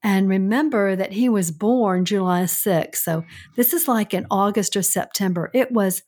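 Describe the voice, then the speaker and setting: A woman's voice: mid-range voice, moderate pace, darkish tone. A woman in her sixties co-hosting a casual podcast, telling stories and laughing often. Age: 60s. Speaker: podcast co-host. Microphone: remote call-in from another state.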